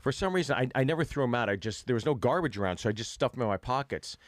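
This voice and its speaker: A man's voice: medium pitch, very fast. A middle-aged man co-hosting a podcast, telling comic stories with lots of laughter and acted-out quotes. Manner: animated storyteller, acts out quotes, laughs often. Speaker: podcast co-host. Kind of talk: casual chat, comic storytelling.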